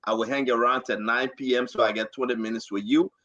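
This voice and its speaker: A man hosting and moderating a call-in talk show, animated and directing callers. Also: mid-range voice, fast, lo-fi sound.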